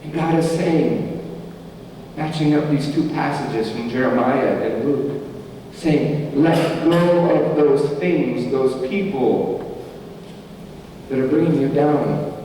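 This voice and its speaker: A man's voice: on the high side, slow, long pauses, dark tone, recorded from a distance, a little hiss or hum. A man preaching a sermon as pastor, with an emphatic, repeating cadence. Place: church sanctuary. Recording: echoey hall, from afar.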